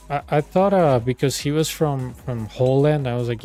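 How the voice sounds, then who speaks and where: A man's voice: medium pitch, normal speed, few pauses, darkish tone, faint music behind. A man, a native Spanish speaker, retelling a story to his stream in a sarcastic, exasperated, rambling way. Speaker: streamer and coach.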